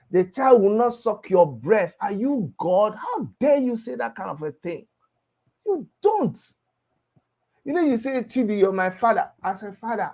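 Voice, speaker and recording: A man's voice: high voice, dark tone. A man delivering an impassioned, preachy monologue broadcast, scolding and repeating himself for emphasis. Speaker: broadcaster addressing critics.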